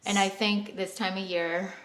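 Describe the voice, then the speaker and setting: A woman's voice: mid-range voice, moderate pace. A woman co-hosting a podcast, telling a personal story in a casual, chatty way with lots of "like" fillers. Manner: chatty, many "like" fillers, animated retelling. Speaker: podcast co-host. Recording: echoey room.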